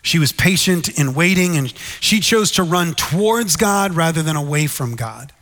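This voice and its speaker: A man's voice: fairly high pitch, lively intonation, normal speed, fairly bright tone, big-room sound. A man preaching a sermon in an earnest, conversational way, often turning to the listeners with "right?". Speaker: pastor.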